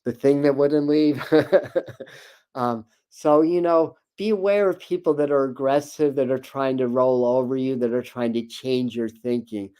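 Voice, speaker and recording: A man of medium pitch hosts a spiritual tarot talk. He rambles casually, repeating words and circling back with fillers as he thinks aloud. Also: measured pace, darkish tone, smooth. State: a bit foggy this morning. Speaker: tarot reader and spiritual host.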